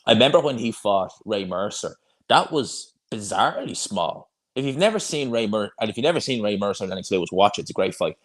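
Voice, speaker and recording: A man's voice: fairly low pitch, animated, a little fast. A young man hosting a live boxing watch-along, chatting casually and rambling through viewer comments with frequent restarts.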